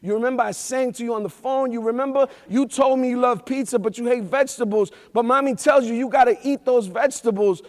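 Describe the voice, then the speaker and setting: A man voicing a tender father who talks softly and coaxingly to his young daughter. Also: very high-pitched, fast, few pauses. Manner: soft, coaxing. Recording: echoey hall reverb.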